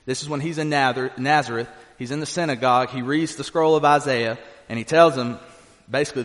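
A man's voice: medium pitch, long reverb tail. A man reading scripture aloud and then preaching on it in an earnest, plain-spoken way, often restarting his phrases. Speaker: pastor.

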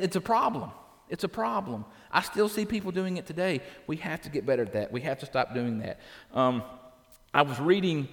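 A man's voice: on the high side, big-room sound. A man preaching a sermon as pastor, conversational and direct, often tagging his points with "right?". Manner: conversational, tags lines with "right?". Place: church.

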